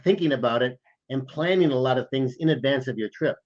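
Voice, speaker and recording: A man's voice: medium pitch, fairly quick. A man co-hosting a podcast, telling a travel scam story in a casual, conversational way and acting out the dialogue. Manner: conversational, acts out quoted dialogue. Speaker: podcast co-host, former spy. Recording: dull lo-fi audio.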